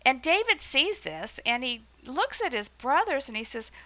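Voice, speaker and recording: A woman teaching a Bible lesson, retelling the story in a lively, conversational way with asides. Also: high voice, normal speed, rough recording.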